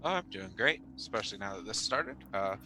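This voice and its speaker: A man's voice: on the low side, animated, brisk, bright, forceful tone, faint music behind, low-quality recording. A man casually introducing himself and his character before a tabletop game, joking and rambling as he goes. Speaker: player.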